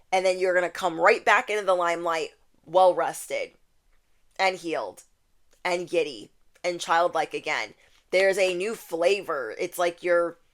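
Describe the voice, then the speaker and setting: A woman with a slightly low voice delivers a casual spiritual tarot reading straight to camera. She talks in a loose, chatty way and keeps circling back to repeat her key lines. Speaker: tarot reader.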